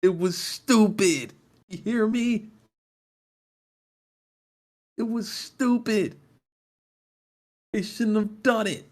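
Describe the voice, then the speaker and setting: Male co-host, insistent and repetitive, casual wrestling talk. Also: high voice. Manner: emphatic, repeats himself, slow and insistent. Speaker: podcast co-host.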